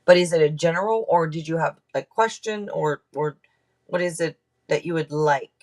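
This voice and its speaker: At normal speed and in a low voice, a woman hosts a tarot live stream recorded on a camera mic. She keeps things casual with viewers, thanking donors, looking in on the chat, and restarting sentences she lets trail off.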